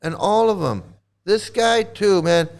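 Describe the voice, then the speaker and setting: A man running a commentary channel reacts angrily, swearing heavily and going over the same points again and again. His voice is high and animated, and he keeps a measured pace.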